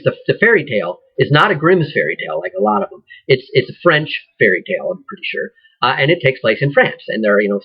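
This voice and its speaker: Guy teaching acting, husky voice, lots of ums and restarts, kinda muffled lo-fi audio. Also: mid-range voice. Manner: rambling, with many fillers and restarts. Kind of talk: casual lecture.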